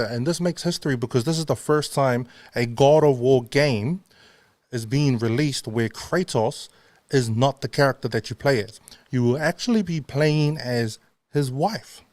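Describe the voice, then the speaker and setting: A male radio host chats casually and pokes fun at himself, often breaking into laughter. His voice sits at an ordinary middle pitch. The studio sound is dry and close. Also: darkish tone, no echo. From not London. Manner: chatty, self-mocking, laughs often. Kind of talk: casual chat.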